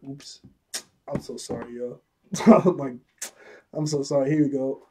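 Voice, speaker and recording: A man's voice: mid-range voice, steady tone, a little slow, dark tone, husky. A man casually recapping an anime episode, chuckling often and a bit out of breath, with a loose, apologetic way of talking. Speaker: anime reviewer.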